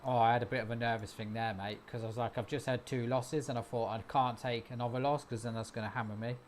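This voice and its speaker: A man hosting a live stream, chatting casually and cheering on his trades out loud. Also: medium pitch, steady tone, fast, a little hiss or hum. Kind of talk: casual chat.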